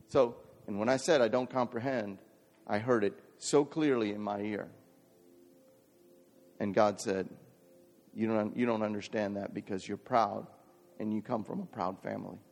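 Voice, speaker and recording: A man preaching a sermon and telling a personal story, building to fervent preaching. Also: mid-range voice. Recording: long hall reverb.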